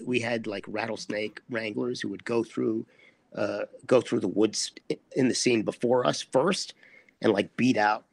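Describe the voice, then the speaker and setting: A man, an actor guest, telling a set story in conversation as an animated storyteller who acts out the quotes. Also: fairly low pitch, measured pace, creaky, no room sound.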